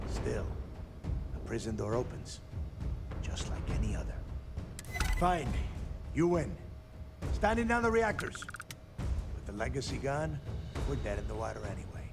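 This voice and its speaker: A defiant pirate captain from a space video game. His voice is gravelly and lively, jumping around in pitch as he taunts and boasts. Game music plays behind him. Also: normal speed, pauses often. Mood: resigned. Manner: taunting, theatrical. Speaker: game character.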